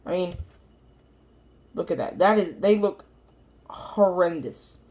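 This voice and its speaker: A woman casually reviewing a toy to camera in a playful, rambling way, joking with the viewers and even talking to the toy. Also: lowish voice, slow pace.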